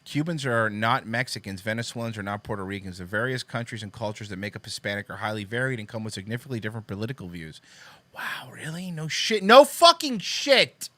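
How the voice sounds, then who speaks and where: A man's voice: fairly low pitch, fast talker, hardly any pauses, pushed and bright, no room sound. A man hosting a political commentary show, reading posts aloud and mocking them with sarcastic, profane asides. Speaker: host.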